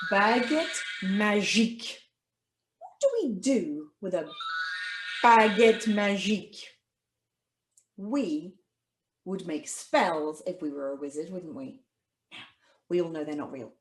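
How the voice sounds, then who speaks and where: Woman, children's language teacher, animated sing-song delivery, unhurried, echoey room. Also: lowish voice, a little hiss or hum. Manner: cheerful, sing-song, speaks slowly to children. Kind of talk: online children's French lesson with songs.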